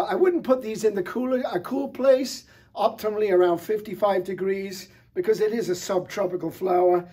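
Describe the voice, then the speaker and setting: Middle-aged guy showing off flowers, kinda high voice but mellow, relaxed and keen, lots of ums. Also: breathy edge. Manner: enthusiastic, relaxed, with fillers. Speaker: florist presenter. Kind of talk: product showcase talk.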